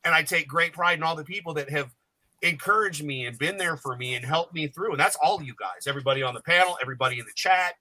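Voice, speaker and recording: A man's voice: fairly high pitch, fast talker, bright, forceful tone, no echo, low-quality recording. A man telling jokey, rambling, profane stories as a guest on a podcast panel. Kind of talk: casual storytelling chat.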